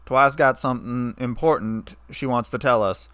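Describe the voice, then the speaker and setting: A man's voice: mid-range voice, normal speed, fairly bright tone, smooth, no room sound, lightly acted. A man voicing an easygoing farm-girl pony mare with a folksy, drawling, slightly tired way of talking, in a storybook reading.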